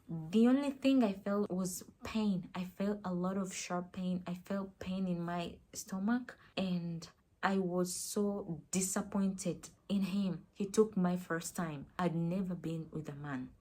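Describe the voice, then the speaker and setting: Husky young woman telling a personal story. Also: lowish voice, slow pace, mellow. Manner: earnest, emotional retelling with quoted dialogue. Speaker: storyteller vlogger.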